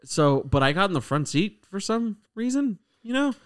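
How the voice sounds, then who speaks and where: Young male podcast co-host, lively storyteller, clear voice, laughs a lot. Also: sits high, normal speed. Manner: animated storytelling, laughs often, acts out quotes. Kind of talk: casual chat.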